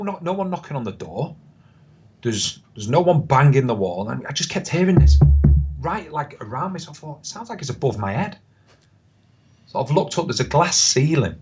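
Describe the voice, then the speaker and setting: A husky, lower-pitched man tells stories in relaxed podcast chat. He speeds up into quick bursts and laughs as he goes. The audio is a little dull and lo-fi. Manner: animated anecdotes, quick bursts, laughs often. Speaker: podcast guest, football pundit. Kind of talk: casual storytelling chat.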